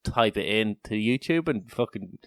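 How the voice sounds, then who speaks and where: A man's voice: on the low side, lively intonation, normal speed, no echo, clean studio sound. A man co-hosting a casual podcast chat, joking, rambling and swearing freely. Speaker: podcast co-host.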